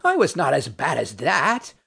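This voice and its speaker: A man's voice: fairly high pitch, wildly swooping pitch, moderate pace, gravelly, pushed and bright, slightly rough, voice pushed down, heavily acted. A man voicing an affronted proud noblewoman. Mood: indignant. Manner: prim, affronted, insistent questioning. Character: proud indignant Spanish noblewoman in hell. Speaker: audiobook narrator. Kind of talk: reading a stage play aloud.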